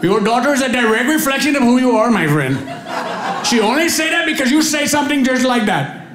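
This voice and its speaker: A man's voice: extremely high pitch, very animated, fairly quick, reverberant, background noise, voice pushed up. A comedian putting on an upset, lecturing Indian man with an Indian English accent. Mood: indignant. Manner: lecturing, offended, formal phrasing. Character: upset middle-aged Indian man, indignant.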